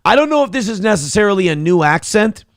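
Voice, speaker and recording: A man hosting a morning talk show, talking crude and mocking in loose banter. His voice sits fairly high. The studio sound is dry and close. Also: very animated, quick pace, no echo. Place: radio studio.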